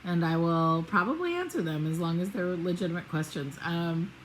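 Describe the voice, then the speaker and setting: A woman's voice: on the low side, expressive, moderate pace, slight background noise, rough recording. A middle-aged woman vlogging casually about her road trip, digressive and self-deprecating, with many fillers and restarts. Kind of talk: casual rambling vlog.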